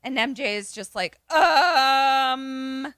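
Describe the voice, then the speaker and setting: Unhurried and medium in pitch, the woman's voice comes through a dry recording. She is a podcast co-host giving a casual, animated recap of a movie, performing the characters' dialogue as she goes.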